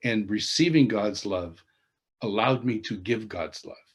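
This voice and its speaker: A man interviewed as an author, telling a personal faith testimony in an earnest, halting way that often restarts sentences. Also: on the low side, husky. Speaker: interviewed author and worship leader.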